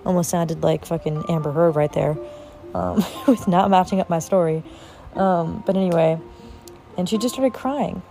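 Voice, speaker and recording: A woman's voice: on the low side, normal speed, dark tone, soft background music. A young woman casually telling personal family stories, rambling with lots of fillers and casual swearing. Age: young adult. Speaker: podcast host.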